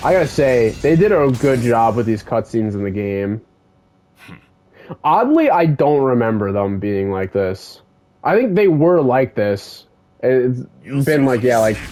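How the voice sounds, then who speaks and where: A young man giving casual gameplay commentary, excitable and swearing freely as an enthusiastic fan. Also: mid-range voice, measured pace. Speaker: gaming YouTuber.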